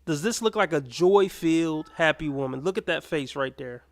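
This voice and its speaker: A man's voice: on the high side, moderate pace. Blunt mocking male commentator. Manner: blunt, mocking, swears freely. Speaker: commentator reacting to clips. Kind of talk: reaction commentary.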